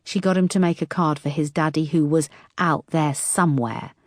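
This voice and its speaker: A woman's voice: sits low, moderate pace, no echo, clean studio sound. A woman narrator voicing a blunt, wisecracking female detective who talks frankly and teases her boss. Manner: frank, teasing.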